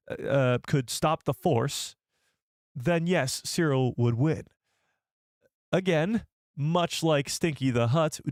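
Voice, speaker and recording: A man's voice: a little high, no room sound, clean studio sound. A man casually hosting a live stream, chatty and rambling, often correcting himself mid-sentence. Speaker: host of a live show.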